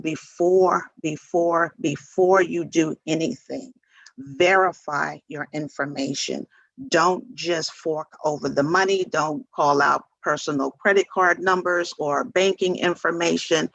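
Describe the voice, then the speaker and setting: A man with a fairly high, gravelly and husky voice gives an informational talk to seniors. He is earnest and repeats his warnings for emphasis. The sound is dry. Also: fairly bright tone, no echo, poor audio. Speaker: presenter at a scam-prevention seminar.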